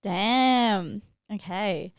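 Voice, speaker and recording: Lively woman podcast host, dry sound. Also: medium pitch, very slow, clear, resonant tone, no echo. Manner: lively, laughs, swears casually. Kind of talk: casual interview talk.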